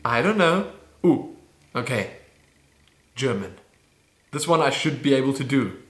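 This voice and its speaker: A man's voice: mid-range voice, expressive, unhurried. A man hosting a casual Q&A vlog in a playful, self-deprecating way, chuckling as he fumbles through foreign phrases. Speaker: YouTube channel host. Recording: roomy echo.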